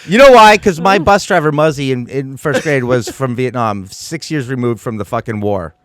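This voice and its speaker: A man's voice: mid-range voice, normal speed, no room sound. A man in his forties, a comedy podcast co-host, telling profane stories in casual chat. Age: 40s. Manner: profane, storytelling, shouts impressions.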